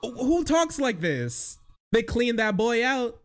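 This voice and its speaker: A young man streaming his reaction to news clips, mocking them loudly and crudely with bursts of laughter. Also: big pitch swings, slow pace, faint music behind. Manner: loud, mocking and crude, with frequent laughter and sudden high-pitched outbursts. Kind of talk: livestream reaction commentary.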